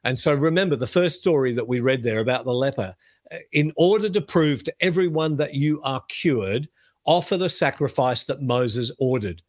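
A middle-aged man teaching the Bible on a podcast, telling the stories in a lively way and reading scripture aloud. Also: mid-range voice, normal speed, dry recording.

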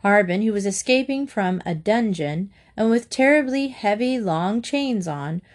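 A woman narrating a children's storybook aloud in a clear, steady storytelling manner. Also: medium pitch, measured pace.

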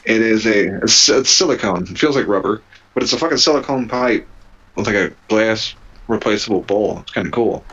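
A man's voice: on the low side, brisk, a bit bright, breathy edge, muffled recording. A man co-hosting a podcast, chatting casually, swearing freely and laughing often. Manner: laughs often, loose and profane. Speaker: podcast co-host. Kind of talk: casual chat.

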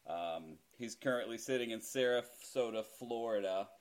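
His voice on the low side and his pace moderate, this middle-aged podcast host keeps things casual. He chats freely, pokes fun at himself, and breaks into easy laughter while talking.

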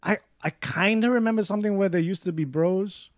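A man's voice: high voice, fairly quick, no echo. A man co-hosting a casual film chat, jokey and swearing, often slipping into mock voices. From United Kingdom. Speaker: podcast co-host.

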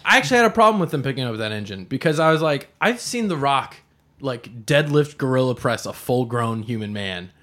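A man chats on a movie podcast, cracking jokes and swearing freely. He laughs often, and his voice sits in a middle pitch. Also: animated, fast, few pauses, a bit bright. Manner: profane, joking, laughs often. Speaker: podcast co-host. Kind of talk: casual movie chat.

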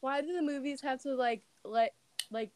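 A teenage girl in casual chat, relaxed and chatty, laughing easily. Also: high voice, moderate pace, a little hiss or hum.

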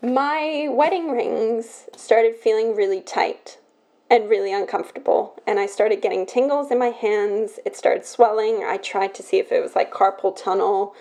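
A young woman opening up on a podcast, her mellow, warm voice catching as she restarts her sentences. She sounds emotional and hesitant, speaking at a middling pitch. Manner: emotional, halting, many restarts. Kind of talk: personal confessional talk.

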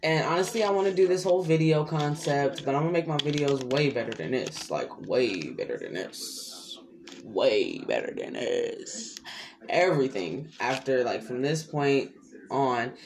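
A young man hosting his own podcast, chatting loosely and rambling in slangy casual talk. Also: a little hiss or hum. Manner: rambling, loose and slangy, with sudden pitch jumps. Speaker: podcast host. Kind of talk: casual solo podcast chat.

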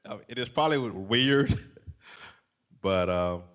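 A man with a Southern US accent talking on a casual podcast in a lowish voice. He is blunt and jokey, often breaking into laughter. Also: animated, slow, fairly bright tone, lo-fi sound. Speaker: podcast guest.

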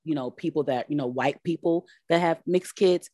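A woman's voice: sits low, normal speed, warm tone, no echo. A woman co-hosting a casual chat, talking animatedly with many fillers and restarts.

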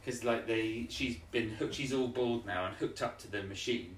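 Young male podcast co-host, casual recap, animated, slips into character voices. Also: medium pitch, brisk, hardly any pauses, a little hiss or hum.

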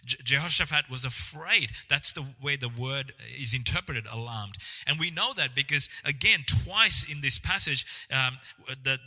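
A man's voice: fairly high pitch, sharp tone. A man preaching a sermon as pastor, earnest and reassuring, often restarting his words. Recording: long hall reverb.

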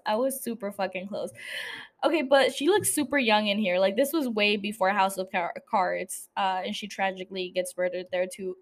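A woman's voice: mid-range voice, moderate pace. A young woman hosting a podcast, chatting casually in a blunt, profane and opinionated way. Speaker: podcast host. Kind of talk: casual chat.

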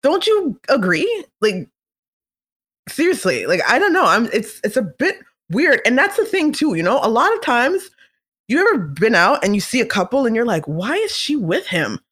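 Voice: mid-range voice, huge pitch swings, normal speed, a bit bright. Chatty gossiping vlogger, opinionated. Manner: chatty, opinionated, slips into comic impressions. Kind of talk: casual celebrity gossip monologue.

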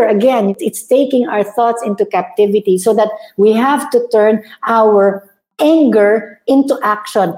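A middle-aged woman with a Filipino accent preaching a sermon in an animated way, switching between languages and laughing now and then. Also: fairly high pitch. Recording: echoey room.

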